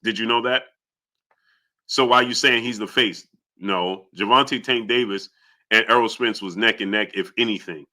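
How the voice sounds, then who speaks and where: Young male boxing streamer, sharp bright tone, heated and combative with chat. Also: normal speed. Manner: heated, argumentative, rising pitch when indignant. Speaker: boxing channel host. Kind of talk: live-stream commentary.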